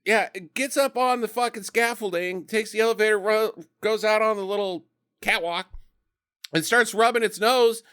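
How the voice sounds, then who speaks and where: High, bright-voiced man chatting casually. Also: moderate pace, clean tone. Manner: laughs often, swears freely, says "like" a lot. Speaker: podcast co-host reviewing a movie. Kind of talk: casual chat.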